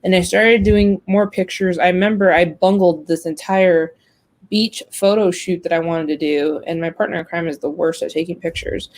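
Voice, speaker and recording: A woman's voice: lowish voice, fairly even intonation, moderate pace, darkish tone, poor audio. A woman hosting a casual web talk show, telling a long story about job hunting, chatty and full of fillers. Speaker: host. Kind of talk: casual chat.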